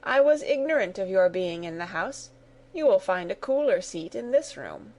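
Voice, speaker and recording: A woman's voice: mid-range voice, very animated, moderate pace, a little mellow, natural voice. A woman voicing a courteous young woman in a read-aloud story.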